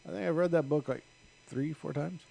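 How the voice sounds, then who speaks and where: A man's voice: on the high side, fairly quick, vocal fry, warm tone. A man co-hosting a podcast, blunt and teasing as he argues in casual banter. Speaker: podcast co-host.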